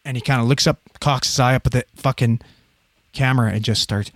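A paramedic in his thirties tells a story in a loose, profane, animated way, jumping into the voices of the people he quotes. His voice sits at an ordinary middle pitch. The sound is close and dry, with no room echo. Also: fairly quick. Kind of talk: casual storytelling.

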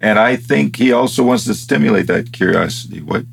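A man hosting a talk show who reflects on faith in a thoughtful, measured way and asks rhetorical questions. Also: on the low side, animated, creaky, a little hiss or hum.

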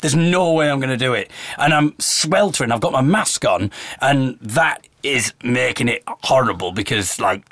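Speaking at a medium pitch and a moderate pace, barely pausing, a male podcast host narrates a long anecdote in casual chat and vividly imitates the people he quotes. There's no echo on the recording.

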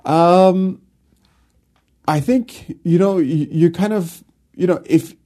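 A man with a mellow, warm tone and a voice pitched a little higher than most men's, telling a story from his past in a loose, chatty way. He is animated, laughs as he goes, and acts out his coach's orders and his own inner voice. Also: takes it slowly. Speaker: guest. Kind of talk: casual storytelling in a conversation.

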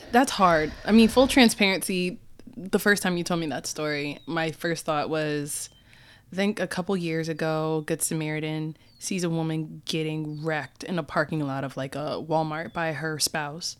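A woman's voice: deep voice, fairly even intonation, unhurried, clear, resonant tone. A Texan woman in her thirties co-hosting a casual chat, talking candidly and thoughtfully. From Texas. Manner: candid, thoughtful, laughs often. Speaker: podcast co-host.

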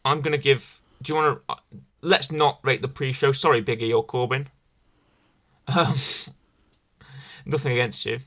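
A man's voice: mid-range voice, steady tone, moderate pace, a bit bright. A man hosting a casual wrestling review podcast, rambling and enthusiastic, often repeating himself. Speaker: podcast host.

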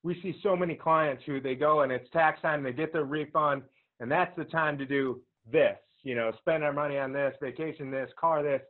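A man's voice: a little high, normal speed. A man hosting an interview, chatting in a casual, conversational way. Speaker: host. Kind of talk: interview chat. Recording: tinny phone line.

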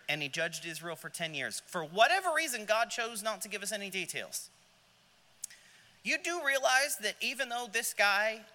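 A man's voice: high voice, bright, forceful tone, long reverb tail. A man teaching a Sunday school Bible class, joking aside and asking the class questions as he reads. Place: church classroom.

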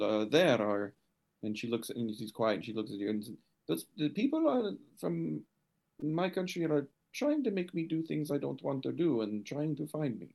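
A man role-playing his character in a tabletop game, speaking haltingly with many restarts. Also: medium pitch, gravelly, darkish tone.

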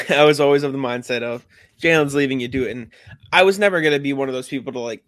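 A man's voice: mid-range voice, quick pace, no echo, studio quality. A man co-hosting a casual sports podcast, chatty and often laughing. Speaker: podcast co-host.

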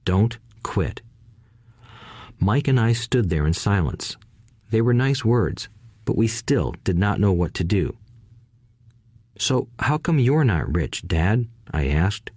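A man narrating an audiobook in a steady, scripted read-aloud manner, lifting his voice a little for quoted lines. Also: fairly low pitch, no echo, studio quality.

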